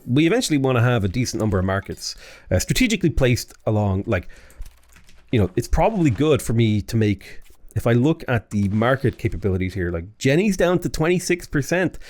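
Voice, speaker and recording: A man's voice: medium pitch, sing-song, fairly quick, a little mellow. A man chatting his way through a strategy game as a YouTuber, rambling and breaking off mid-sentence. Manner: chatty, rambling, self-interrupting.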